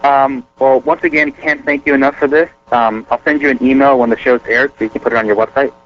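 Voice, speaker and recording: A man's voice: medium pitch, fairly even intonation, fast, dull audio. A man co-hosting a casual phone interview, polite and consoling. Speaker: co-host.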